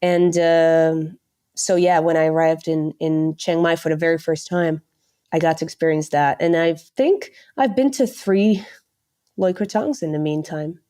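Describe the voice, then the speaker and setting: A woman in her thirties from the Netherlands, a podcast guest telling animated travel stories and mimicking the people she met. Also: low-pitched, unhurried. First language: Dutch. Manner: animated storyteller who mimics others' voices. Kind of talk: casual interview chat.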